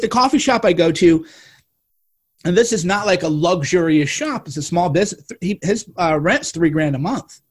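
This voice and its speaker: A man's voice: high-pitched, breathy edge. A man hosting a casual talk, speaking bluntly and indignantly, with some swearing. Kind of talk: casual political chat.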